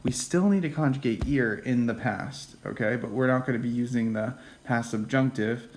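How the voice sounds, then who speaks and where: A man giving a casual classroom lecture, often checking in with "okay?" and "right?" and dropping into quiet whispered asides. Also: medium pitch, normal speed, noisy background. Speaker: teacher.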